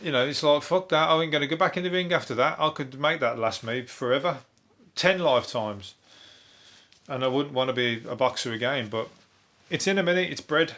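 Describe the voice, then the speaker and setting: A comedian hosts a solo news review podcast, his male voice a little high, a bit bright and fairly quick. He rambles, swears heavily and laughs at his own jokes.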